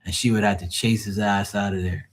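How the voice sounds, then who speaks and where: A man's lowish, steady voice moves a little fast as he hosts a late-night live tarot stream. His stories are rambling and profane, and he laughs often at them.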